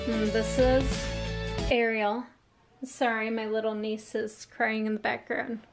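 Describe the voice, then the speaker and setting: A woman's voice: on the high side, level tone, slow, creaky, over music. A young adult woman vlogging casually, rambling and often correcting herself as she talks. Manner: rambling, self-correcting, chatty. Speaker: YouTube vlogger. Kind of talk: casual vlog bloopers.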